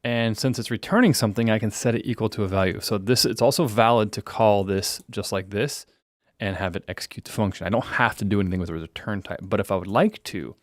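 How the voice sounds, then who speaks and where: Guy walking thru code on screen, low voice, dead dry mic, talks as he types. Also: quick pace, dry recording. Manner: relaxed explaining, thinking aloud while typing code. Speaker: programming instructor. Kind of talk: screen-recorded coding tutorial.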